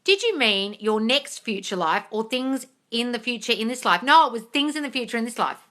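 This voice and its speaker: Reading viewer comments out loud on a casual live-stream Q&A, this woman responds in an exasperated, scolding, blunt manner full of swearing. She speaks briskly and with animation, her sharp, bright voice swinging up and down in pitch to drive her point home.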